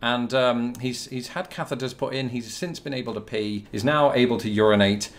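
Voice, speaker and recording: This young Brit, with a British English accent, fields viewer questions in a relaxed video Q&A, talking straight to camera. His pitch is medium, his intonation fairly even and his speed normal, and his chatty, rambling answers carry a dry, self-deprecating wit.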